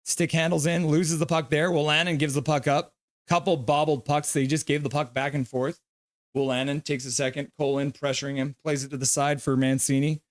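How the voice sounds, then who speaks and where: A man hosting a live fan stream, calling the hockey play-by-play and excitedly reading viewer comments aloud. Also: a little high, a little fast, dry recording.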